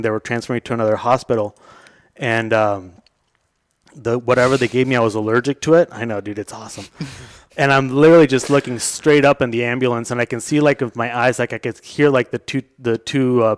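A man's voice: medium pitch, no echo, studio quality. Laid-back young man telling a story. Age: young adult. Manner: laid-back, swearing, laughing through his story. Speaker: podcast guest. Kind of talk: casual storytelling.

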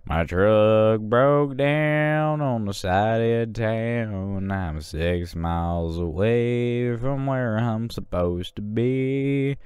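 Man doing a slow-drawling country singer. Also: mid-range voice, clean tone, dry recording, close to an everyday voice. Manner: slow, drawn-out.

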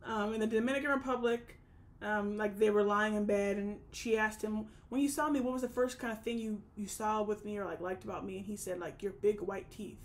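A woman's voice: mid-range voice, steady tone, fairly quick. Chatty young woman recapping casually. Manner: chatty, lots of "like" and "um", frequent restarts. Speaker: recap vlogger. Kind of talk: casual reality TV recap chat.

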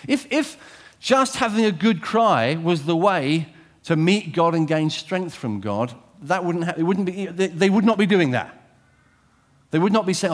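A man preaching a sermon, animated and direct, asking his listeners questions and swinging from loud emphasis to quiet intensity. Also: fairly high pitch, moderate pace.

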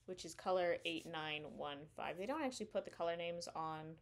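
With a fairly low, fairly quick voice, a woman hosts a knitting podcast and shows off her purchases. She chats casually and enthusiastically in a show-and-tell style, rambling a bit and using fillers.

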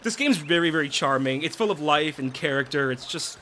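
A man commentating on a video game as a let's play host, excitable and rambling, with many restarts. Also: on the high side, brisk, a little hiss or hum.

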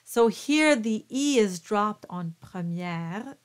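A woman teaching choir diction, modelling words slowly and deliberately before explaining them. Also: medium pitch. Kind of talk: slow spoken diction lesson.

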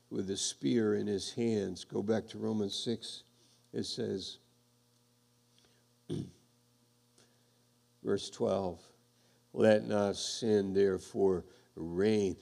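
A male pastor preaching a sermon, reading scripture aloud and building emphatically toward loud high points. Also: vocal fry. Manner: reads scripture aloud to the congregation.

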